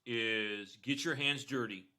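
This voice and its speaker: A man's voice: mid-range voice, slow pace, sharp tone. A man talking casually while reviewing an online store, with frequent "right?" and "you know" and punchy emphasis. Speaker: e-commerce store consultant.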